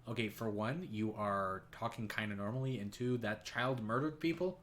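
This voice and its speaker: A man's voice: on the low side, normal speed, hardly any pauses, fairly bright tone, slight background noise. A man giving casual let's-play commentary, incredulous and swearing freely as he reacts. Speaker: game player.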